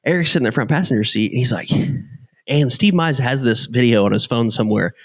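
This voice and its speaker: A man's voice: mid-range voice, brisk. A man telling stories in casual podcast chat, acting out the people in them and swearing casually. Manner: animated storyteller, swears casually; acts out the people in his stories.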